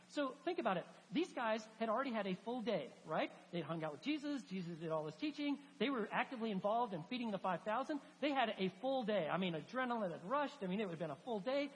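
A woman preaching a sermon, telling a Bible story with animated emphasis and reading scripture aloud. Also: mid-range voice. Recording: hall reverb with faint hum.

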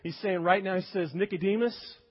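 A man's voice: high voice, normal speed, slightly rough, muffled recording. A man preaching a sermon, emphatic, acting out quoted voices as he goes. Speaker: pastor.

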